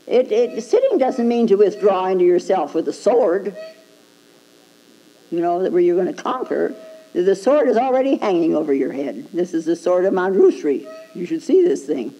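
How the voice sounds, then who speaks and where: A woman's voice: on the low side, expressive, normal speed, warm tone, lo-fi sound. A woman Zen teacher giving a dharma talk, prodding her listeners with rhetorical "hmm?" questions and chuckling at her own points.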